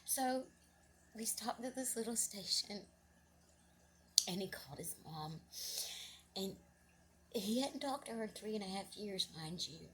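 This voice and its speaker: A woman's voice: medium pitch, animated, measured pace, long pauses, a little hiss or hum. Earnest middle-aged woman telling a story. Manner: rambling, with many restarts and asides; earnest and emotional, voice rising when moved. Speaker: vlogger telling a personal story. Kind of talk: casual spoken storytelling.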